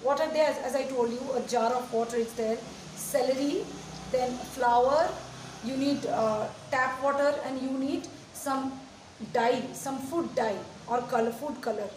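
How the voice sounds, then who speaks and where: Woman, teacher, slow careful explaining, echoey room, faint hiss. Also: sits high, a little mellow, far from the mic. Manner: slow, deliberate explaining with many questions to pupils. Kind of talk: recorded classroom lesson.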